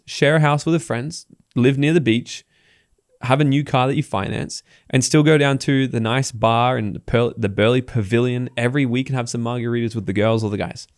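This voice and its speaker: An Australian man guesting on a podcast, telling stories in a casual, animated way and acting out the people he quotes. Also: mid-range voice, dry recording, studio quality. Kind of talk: casual interview talk.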